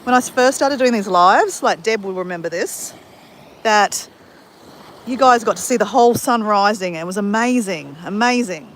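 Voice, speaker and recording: A woman's voice: mid-range voice, moderate pace, slight background noise. A woman from Australia with an Australian accent, chatting casually and upbeat on a live stream from a beach, greeting viewers by name. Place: outdoors at a beach at sunrise.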